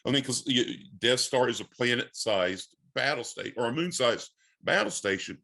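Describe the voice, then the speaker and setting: A man's voice: mid-range voice, expressive, normal speed, pushed and bright. A man co-hosting a casual podcast, musing and thinking aloud. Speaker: podcast co-host, pastor. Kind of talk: casual chat.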